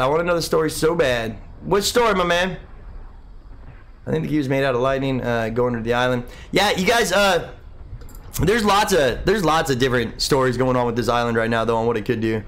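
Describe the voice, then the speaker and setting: A man's voice: mid-range voice, fairly bright tone. A young man hosting a live game stream, casually rambling as he reads and answers viewer comments. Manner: laid-back, rambling, says "man" a lot. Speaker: livestream host.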